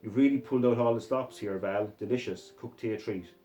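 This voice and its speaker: A man's voice: on the low side, fairly even intonation, fairly quick, warm tone, muffled recording, natural voice. Smarmy scottish boyfriend type, man doing the voice, all polite and crawly. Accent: put-on Scottish. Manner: smarmy, ingratiating. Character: smooth-talking polite Scottish suitor.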